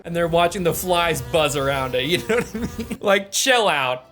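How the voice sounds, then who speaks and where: A man's voice: fairly high pitch, animated, normal speed, over music. A man chatting sarcastically through comedic commentary on a video, laughing often and saying "like" a lot. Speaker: YouTube commentator.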